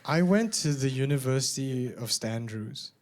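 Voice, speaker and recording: A man performing a stand-up comedy set, animated and bursting into shouted punchlines. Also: medium pitch, moderate pace, slight background noise. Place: comedy venue with a live audience.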